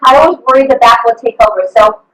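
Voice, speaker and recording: Speaking quickly with a fairly high, slightly bright voice, a woman coach leads her class through a live online workout, encouraging them upbeat and whooping as they go. Audio comes over a video call from a distant mic and is echoey.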